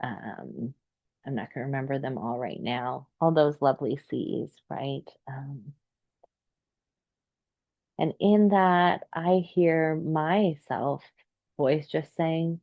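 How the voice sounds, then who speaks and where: A woman in her thirties, a therapist, talking gently and reflectively, with a meandering pace and many fillers. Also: very deep voice, slow pace, vocal fry, no room sound, muffled recording. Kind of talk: reflective solo talk.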